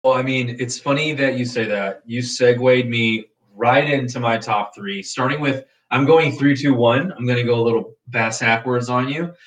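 A man's voice: mid-range voice, normal speed, hardly any pauses. Playful man, heard from a roomy distance. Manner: playful, with exaggerated mock-shocked reactions. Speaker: podcast co-host. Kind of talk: casual sports chat.

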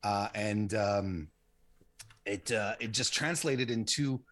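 Slow and fairly low, yet bright in tone, this late-40s interview guest runs a women's wrestling site. His casual answers wander, full of restarts and fillers.

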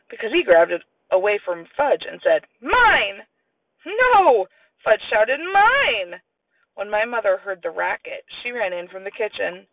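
Brief: animated male storyteller, gravelly, thin lo-fi radio quality. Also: no room sound, distant mic. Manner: lively, plays children's voices in high squeals. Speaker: audiobook narrator. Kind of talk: storybook narration with voiced characters. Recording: tinny, lo-fi, radio-like sound.

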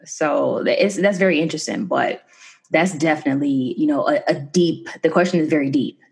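A woman hosts a casual podcast about love, talking in a bubbly, chatty way and laughing often. Her voice sits a little low for a woman. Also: brisk, creaky, breathy edge. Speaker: podcast host.

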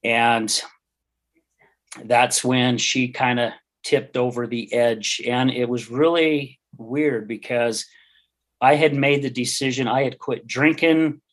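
A middle-aged man appears as a podcast guest, giving a personal testimony in an interview. His mid-range voice keeps fairly even intonation and moves slowly as he shares his story in an earnest, heartfelt, candid way.

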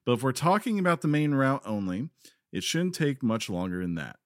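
A man's voice: medium pitch, very animated, brisk, dry recording, studio quality. A man co-hosting a casual gaming podcast, joking and reading news items aloud. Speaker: podcast co-host.

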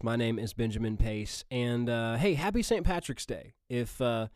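A man's voice: medium pitch, a little mellow, no room sound, studio quality. A man with a Southern Missouri accent, hosting a podcast and preaching in a casual, earnest way full of fillers and restarts.

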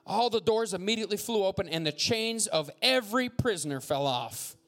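A man preaching a sermon as pastor, fiery and loud at peaks, with folksy jokes and asides. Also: sits high, lively intonation, a little fast, soft background music. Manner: fiery preaching, bursts into shouts.

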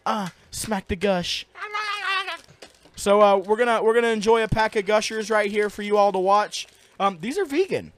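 A man's voice: high-pitched, moderate pace. A young man co-hosting a podcast, joking in a goofy, mock-solemn way in casual chat. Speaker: podcast co-host.

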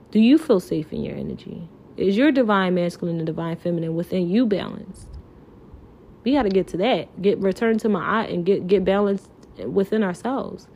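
Close to tears, this solo podcast host pours out an emotional monologue, pleading and impassioned, swearing and using plenty of fillers. She has a mid-range, dark-toned voice, with slight background noise in the recording.

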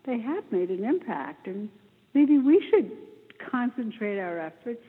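A woman telling the story of her charity work in an interview, in an animated, emphatic way, often clearing her throat. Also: mid-range voice, moderate pace. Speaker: interview guest, charity founder. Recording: tinny phone-like line with long reverb.

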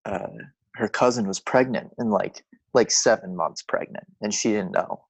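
A man with a lowish voice chats casually as a podcast co-host, telling stories in a rambling way with lots of restarts. His voice sits close and dry in the mic, with no room sound. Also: creaky, husky, no echo. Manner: rambling storyteller, halting restarts. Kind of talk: casual chat.

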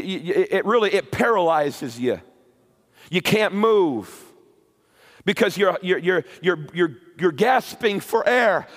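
A man preaching a sermon with passion, rising to shouted peaks and repeating words. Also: sits high, long reverb tail. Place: church or camp meeting hall.

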